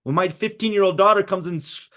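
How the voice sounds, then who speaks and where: A man's voice: sits high, fast talker, fairly bright tone. A middle-aged man presenting a live webinar to educators over a video call, talking conversationally and often checking in with "right?".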